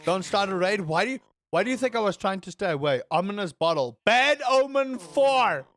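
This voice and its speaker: A man commentating his own game in a casual let's-play. He is excitable, swears freely and rambles in asides. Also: high-pitched, quick pace. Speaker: gaming streamer.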